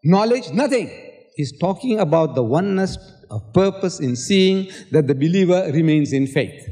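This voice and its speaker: High-voiced older man lecturing in a hall. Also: animated, normal speed, warm tone. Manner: lecturing, quotes scripture at length, sarcastic asides. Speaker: debater. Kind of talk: public debate speech. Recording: old hall recording with long reverb.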